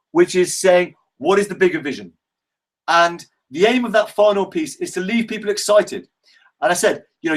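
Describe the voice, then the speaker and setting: A man coaching a workshop group in a casual, enthusiastic way, swearing freely and acting out example conversations. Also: sits high.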